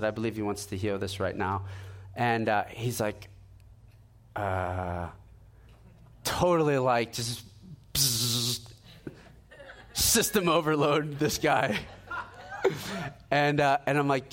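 A man preaching a sermon in an earnest, conversational way, acting out the dialogue in his personal stories. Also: medium pitch. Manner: animated storytelling, acting out dialogue.

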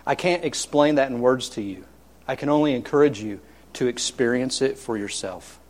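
A man's voice: mid-range voice, moderate pace. A man preaching a sermon as pastor, emphatic and repetitive, telling homely stories with humor.

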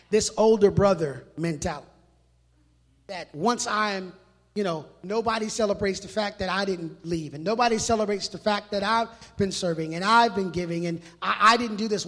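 A male pastor preaching a sermon in a church, animated and emphatic, mixing in casual street slang. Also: sits high. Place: church hall. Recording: long reverb of a large hall.

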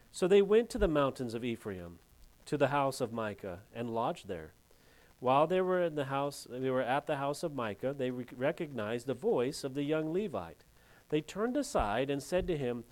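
A middle-aged man from California, a pastor teaching through a Bible passage in a conversational way with joking asides and quick quoted voices. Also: mid-range voice, darkish tone.

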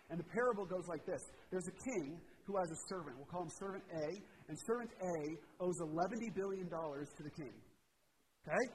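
Conversational male preacher, slightly higher voice. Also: a little hiss or hum, poor audio. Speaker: pastor. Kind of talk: sermon.

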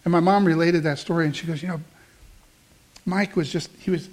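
A man preaching a sermon, telling a story and praying, dropping soft for calm quoted lines and rising when he prays. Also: sits high, brisk. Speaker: pastor. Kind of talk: sermon with closing prayer.

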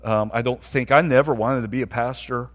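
A man's voice: mid-range voice, steady tone, a little fast. A man, a pastor, preaching a sermon in a conversational way that climbs to emphatic peaks.

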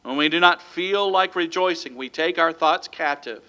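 A man's voice: on the high side, normal speed, pushed and bright. A man preaching a sermon as pastor, reading scripture and calling out "amen?" to the congregation. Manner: reads scripture aloud and breaks it into numbered points.

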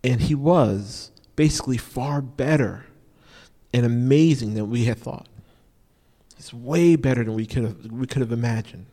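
Preaching an informal sermon at a moderate pace, this man has a warm, mid-range voice. He leans on repeated key phrases and frequently says "you know," while a large hall adds a long reverb to the recording.

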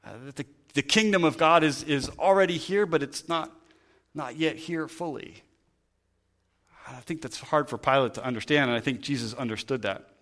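A man's voice: a little high, moderate pace, fairly bright tone. A man preaching a sermon in a conversational way, thinking aloud and often restarting his sentences. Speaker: pastor.

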